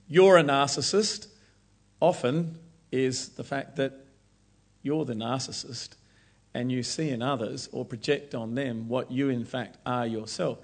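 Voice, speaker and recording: A man preaching a Bible study sermon, explaining verses slowly and deliberately. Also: on the high side.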